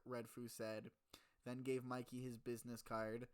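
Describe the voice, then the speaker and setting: Smooth-voiced young man reading for laughs. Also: medium pitch, little pitch movement, measured pace. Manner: loud joking interruptions. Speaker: co-reader. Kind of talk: comedic dramatic reading.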